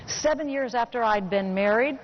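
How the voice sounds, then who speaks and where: A middle-aged woman giving a motivational keynote speech to a business audience, telling a personal story and slowing down to stress key points. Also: on the high side. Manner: personal storytelling, slows down for emphasis. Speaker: motivational speaker. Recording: muffled recording with faint hiss.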